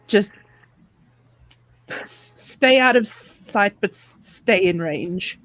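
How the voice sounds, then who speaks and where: A woman's voice: mid-range voice, animated, extremely slow, a bit bright, no echo, poor audio. A woman playing a stammering, timid young man. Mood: nervous. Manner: stammering, frightened. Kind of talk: tabletop role-play in character.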